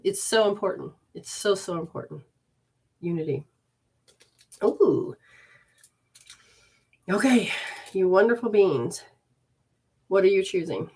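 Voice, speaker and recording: A woman from Michigan speaks in a mid-pitched voice, giving a loose, expressive spiritual talk from her living room. She reads viewers' comments aloud with warmth, then drifts back into her teaching. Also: takes it slowly, long pauses, slightly rough. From Michigan, USA. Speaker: spiritual teacher hosting a livestream.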